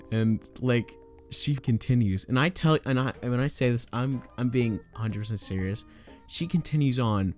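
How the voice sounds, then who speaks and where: Excitable young man telling a story. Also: fairly low pitch. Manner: excitable and exasperated, full of slang and restarts. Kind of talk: casual storytime vlog.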